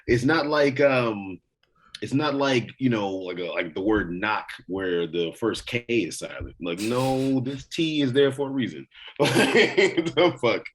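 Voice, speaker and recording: A man's voice: mid-range voice, expressive, a little slow, husky. An American man co-hosting a podcast in casual chat, laid-back and rambling, swearing freely. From United States. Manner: laid-back, heavily profane, rambling with restarts. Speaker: podcast co-host.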